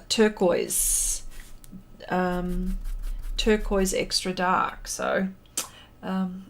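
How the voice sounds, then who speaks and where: A woman's voice: on the low side, a little hiss or hum. An Australian woman, a pastel artist, chatting casually with her viewers during a live stream as she paints, thanking them and reading their comments aloud.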